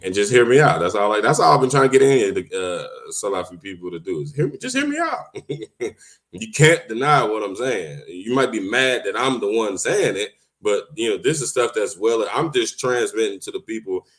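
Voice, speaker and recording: Deep-voiced man chatting casually on a livestream. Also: lively intonation, a little fast, few pauses, fairly bright tone. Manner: chatty, laughs often, informal slang. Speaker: online livestream host.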